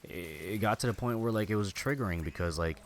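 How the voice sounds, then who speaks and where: A man's voice: fairly low pitch, quick pace, slight background noise. A man streaming a game, venting in rambling casual chat full of filler words and swearing. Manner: venting, bitter. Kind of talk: casual chat while gaming.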